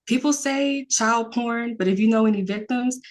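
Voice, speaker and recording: A woman's voice: fairly high pitch, moderate pace. A woman, a podcast guest talking earnestly in a rambling casual way, with many fillers.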